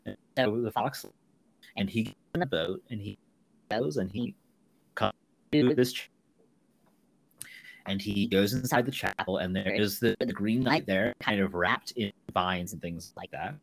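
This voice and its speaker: Gravelly low-voiced man retelling a film. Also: unhurried, long pauses, no echo. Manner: retells scenes acting out lines in a raised voice. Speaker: podcast co-host. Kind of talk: casual film discussion.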